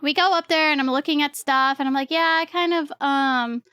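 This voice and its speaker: A young woman streamer telling a story to her chat in a rambling, excitable way, swearing casually and laughing often. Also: sits high, fairly quick, no echo, studio quality.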